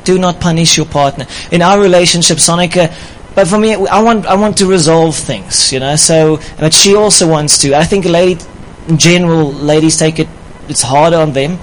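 Male pastor, playful sermon delivery, slightly raised pitch, faint background ambience. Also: steady tone, normal speed, hardly any pauses, a little hiss or hum, poor audio. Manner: playful, laughing with a live audience. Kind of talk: sermon on marriage.

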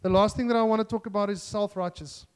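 High-voiced guy preaching, earnest and jokey, big echoey church hall. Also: fairly even intonation, fast talker, clear, resonant tone. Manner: earnest, self-deprecating, with restarts and jokes. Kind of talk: sermon.

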